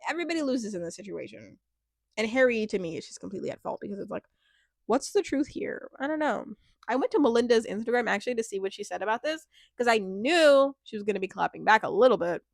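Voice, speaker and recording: A woman's voice: on the high side, animated, quick pace, vocal fry, no room sound, studio quality. A woman giving a casual, chatty recap of a reality show, rambling with lots of fillers and acting out quotes with a laugh.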